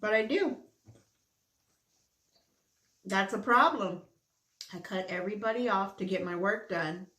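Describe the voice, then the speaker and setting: A woman's voice: medium pitch, measured pace, pauses often, pushed and bright. A middle-aged woman vlogger chatting candidly while she eats, sometimes with her mouth full. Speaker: mukbang vlogger. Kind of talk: casual chat while eating. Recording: roomy indoor echo.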